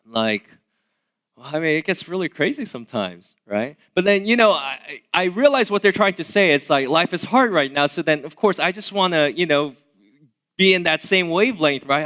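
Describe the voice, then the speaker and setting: A man in his thirties, a pastor, gives a sermon in a church sanctuary in a fairly high voice at a moderate pace. His preaching is casual and conversational, full of fillers and asides, and animated as he swings between loud asides and quiet remarks.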